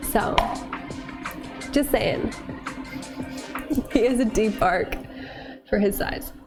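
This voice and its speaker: A woman's voice: medium pitch, drawn-out words, music in the background. A woman chatting casually with viewers while cooking in her home kitchen, laughing often and cooing at her dog. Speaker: streamer cooking on camera.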